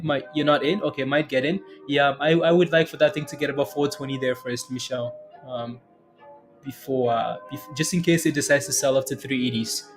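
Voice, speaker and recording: A man hosting a casual day-trading livestream, talking through charts and answering chat questions, rambling with frequent chuckles and fillers. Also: mid-range voice.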